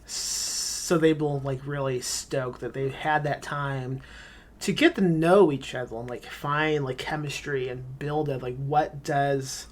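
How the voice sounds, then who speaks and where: A male screenwriter chatting on a podcast, with a mid-range, ordinary pitch. He rambles through long answers, leaning on filler words and dropping casual swears. The tone stays loose and conversational. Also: steady tone, slow pace. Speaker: screenwriter guest.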